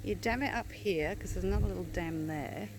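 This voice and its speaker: A woman's voice: on the low side, a little fast. An Australian woman co-hosting a walking vlog, chatting and explaining local history in a matter-of-fact way outdoors. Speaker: vlog co-host and walk guide. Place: outdoors on a creekside park trail. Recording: outdoor recording with clear background noise.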